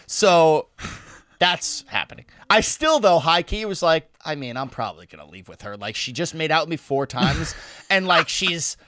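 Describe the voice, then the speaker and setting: A man's voice: a little high, big pitch swings, normal speed, a bit bright, no echo. A man telling a wild party story in casual chat, laughing and swearing freely.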